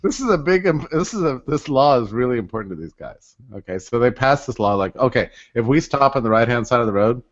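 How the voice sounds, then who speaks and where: Male co-host, average pitch, chatty rambling storyteller, muffled lo-fi audio. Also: expressive, fairly quick, hardly any pauses. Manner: rambling, self-interrupting, laughs often. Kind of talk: casual conversational storytelling.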